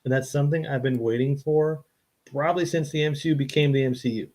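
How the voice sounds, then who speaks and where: A man's voice: on the high side, quick pace, a little mellow. A man co-hosting a casual geek podcast, chatting like an eager fan. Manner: enthusiastic fan chatter, chuckling. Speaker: podcast co-host. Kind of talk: casual chat.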